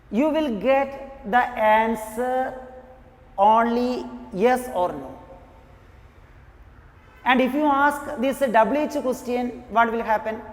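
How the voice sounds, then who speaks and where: A teacher giving a grammar lesson, slowly repeating each example sentence and often saying "you know". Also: mid-range voice. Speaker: English teacher. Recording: long reverb, echoey room.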